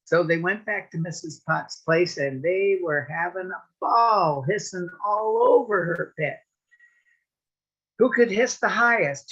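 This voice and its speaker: A woman's voice: mid-range voice, husky, muffled recording. A woman storyteller telling a folksy tale at a story swap, raising her voice to act out the characters. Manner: folksy, lively teller who acts out the snakes with a raised voice. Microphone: video call.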